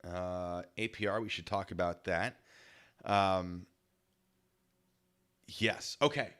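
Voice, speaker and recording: Bright-voiced man rambling on a livestream. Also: low-pitched, fairly even intonation, slow, clear, resonant tone. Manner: rambling, thanks donors by name. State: a little out of breath. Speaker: livestream host. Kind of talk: casual livestream chat.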